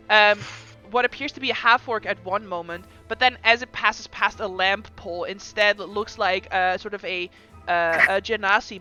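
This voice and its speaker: A woman's voice: mid-range voice, bright, forceful tone, dull audio. A woman narrating as game master of a tabletop game, hesitant, with many ums.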